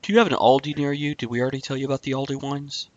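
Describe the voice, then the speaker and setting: A man's voice: medium pitch, flat delivery, rapid-fire, highs cut off, a little hiss or hum. A man hosting a casual online talk show, chatty and teasing, often laughing. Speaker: podcast host. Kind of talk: casual chat.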